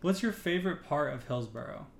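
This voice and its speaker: A man's voice: a little high, animated, fairly quick, gravelly. A man hosting a casual podcast interview, easygoing and encouraging as he asks questions. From United States. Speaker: podcast host. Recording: echoey room with faint noise.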